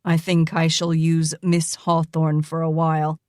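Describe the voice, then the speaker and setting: Brief: gruff, curt wounded army doctor, male, lower and louder than the narrator's voice, read by a woman. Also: completely flat delivery, unhurried, no echo, clean studio sound.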